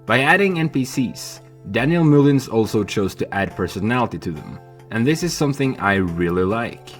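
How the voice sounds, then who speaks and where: A young man narrating a video essay in a candid, animated way that includes swearing. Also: medium pitch, normal speed, soft background music.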